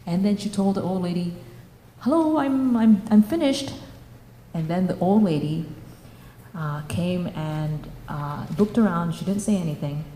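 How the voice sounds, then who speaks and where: A woman's voice: lowish voice, warm tone, slight background noise. A woman telling a children's story in a church, stopping and restarting her sentences often. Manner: halting, with many fillers and restarts. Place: church hall. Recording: echoey church hall.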